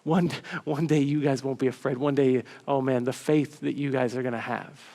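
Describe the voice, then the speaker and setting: A man's voice: high-pitched, big pitch swings, moderate pace, breathy edge, heavily acted. A man voicing a tender, coaxing Jesus. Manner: soft, coaxing, repeating words. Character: gentle loving Jesus, an adult man speaking as a tender friend.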